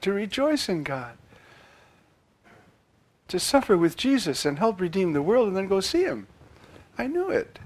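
An older priest with a high-pitched but gravelly, husky voice delivers a sermon. He talks in an animated, conversational manner and frequently starts sentences over.

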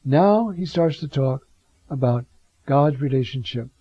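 A man teaching scripture in a reflective way, with frequent rhetorical asides and drawn-out readings of Greek phrases. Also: mid-range voice, animated, no room sound. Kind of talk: bible teaching talk. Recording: dull lo-fi sound.

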